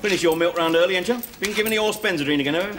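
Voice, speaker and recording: An actor playing a wry, grumbling ex-convict, trading sarcastic banter. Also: male voice, sits high, rapid-fire, heavy background noise, close to an everyday voice. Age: 40s. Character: 45-year-old male ex-convict, wry and grumbling.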